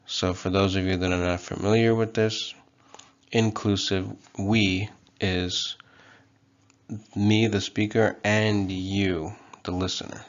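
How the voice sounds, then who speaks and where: A man giving a casual online language lesson, relaxed and hesitant, with frequent ums and okays. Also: low-pitched, slow pace, dull audio. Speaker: language teacher.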